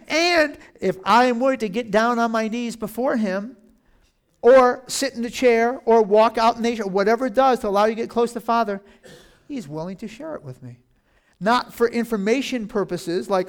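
Older male preacher, high voice, chatty and playful, laughs a lot between points. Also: fairly quick. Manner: folksy, jokey, acts out voices, laughs often. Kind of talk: casual sermon.

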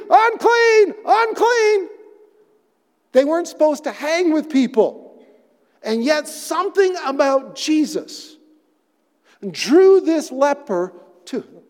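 High-voiced male pastor preaching in a reverberant hall. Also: darkish tone. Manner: expository preaching, dramatic pauses and emphatic repetition. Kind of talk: sermon. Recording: long reverb of a large hall.

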